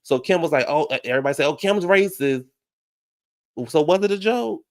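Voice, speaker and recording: Man, youtube host, casual recap chatter, animated quoting voices, talks to chat. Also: a little fast. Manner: animated, jumps into high-pitched quoted voices; talks back to viewers in chat. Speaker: YouTube reaction show host.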